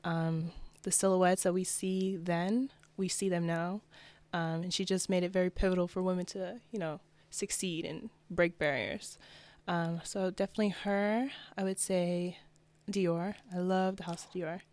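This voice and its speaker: A woman's voice: lowish voice, fairly even intonation, measured pace, few pauses, darkish tone. A young woman from New Jersey, a fashion designer, talking as a guest in a casual interview, chatty and upbeat with lots of "like" and "you know".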